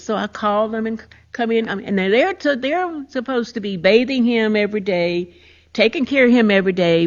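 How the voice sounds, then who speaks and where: An older woman, hosting a podcast and emphatically telling a personal story of grief. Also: on the high side. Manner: emotional, emphatic retelling. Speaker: podcast host. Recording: muffled lo-fi recording.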